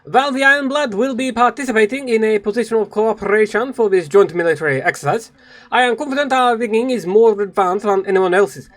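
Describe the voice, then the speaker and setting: Read by a British streamer, a stern female battleship commander addresses the fleet in a put-on German-ish accent. The delivery is formal and proud, pitched a little above the reader's own voice, with a lively rise and fall. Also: natural voice.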